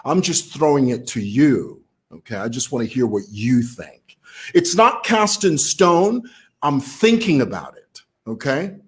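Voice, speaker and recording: A man's voice: medium pitch, sing-song, a little slow. A man from Zambia with a Zambian accent, talking casually to camera as a vlogger who laughs while he talks. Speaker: vlogger commentator.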